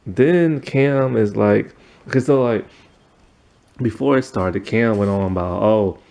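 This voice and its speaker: A man's voice: lowish voice, slow pace, gravelly, darkish tone. A man recapping a TV episode in a casual, rambling way, full of fillers. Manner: rambling, filler-heavy retelling. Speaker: TV episode reviewer.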